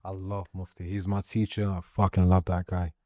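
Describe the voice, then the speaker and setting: A man vlogging in a heated personal monologue, ranting forcefully and swearing a lot. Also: low voice, little pitch movement, moderate pace, no echo, clean studio sound.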